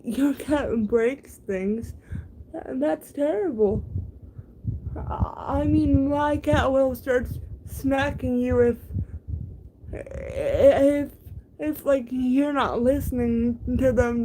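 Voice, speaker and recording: A young woman talks slowly in a high, soft-edged voice, stumbling and restarting her words as she chats casually with her viewers. Her tone stays mellow and unhurried, broken by little giggles. A faint hum sits behind her. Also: rough recording. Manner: stammering, frequent restarts and giggles. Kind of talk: casual chat.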